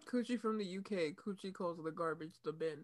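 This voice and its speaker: A woman in casual chat with friends, playing a rhyming word game, playful and quick to laugh. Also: fairly low pitch, a little mellow.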